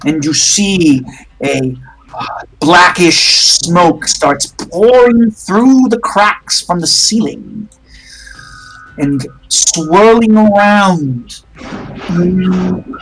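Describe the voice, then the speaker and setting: Slow, hesitant game master. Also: male voice, sits high, expressive, fairly bright tone, poor audio. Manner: slow, hesitant, many fillers. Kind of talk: narrating a tabletop horror game.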